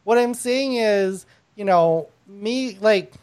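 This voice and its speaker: A woman hosts a casual comedic panel discussion with a blunt, provoking delivery. Her pitch sits in a middle range, and she laughs often between lines. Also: takes it slowly, darkish tone, smooth. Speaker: panel show host.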